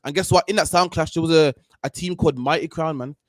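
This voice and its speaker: Man, fast talking, higher voice, heated rant, dry sound. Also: no room sound. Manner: animated, heated, keeps tagging "man". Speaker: podcast host. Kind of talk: ranting casual commentary.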